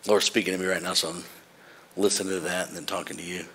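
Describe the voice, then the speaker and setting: A male pastor preaching a sermon with jokes, swinging between shouted praise lines and quiet, dry asides to the congregation. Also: low voice, little pitch movement, fast talker, husky.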